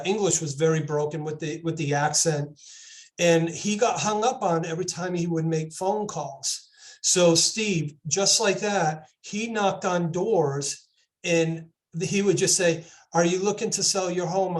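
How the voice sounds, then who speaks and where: A male real estate agent telling a story in a halting way, full of restarts, during a casual group video call. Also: fairly high pitch.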